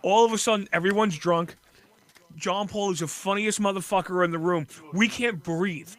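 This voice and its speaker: A man hosting a talk show, telling stories in crude, animated banter. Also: sits high, normal speed. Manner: profane, animated storyteller. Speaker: radio show host.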